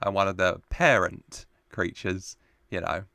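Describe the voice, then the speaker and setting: A man's voice: deep voice, unhurried, bright, forceful tone, no echo, clean studio sound. A young man casually commenting on a TV episode, chatty and playful with frequent laughter. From United Kingdom. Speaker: reaction video host.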